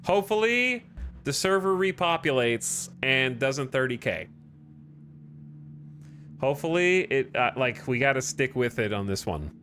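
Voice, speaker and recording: A man giving live gameplay commentary to his chat, clearing his throat often after choking. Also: medium pitch, lively intonation, a little slow, fairly bright tone. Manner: talks to chat while playing, with frequent throat clearing. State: choking and coughing. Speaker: streamer.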